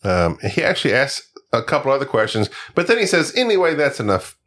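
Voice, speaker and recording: A man co-hosting a board game podcast in easy, casual chat. His voice moves a lot up and down as he jokes around, and his pitch sits in an ordinary middle range. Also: sing-song, brisk, a bit bright. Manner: playful, drifts into joking accents. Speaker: podcast co-host.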